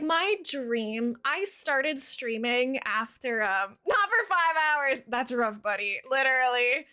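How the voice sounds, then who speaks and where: Young woman streamer, high lively voice, gushing and sweet, casual game-stream chatter. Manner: bubbly, gushing, talks sweetly to her cat and chat. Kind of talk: casual live-stream chat.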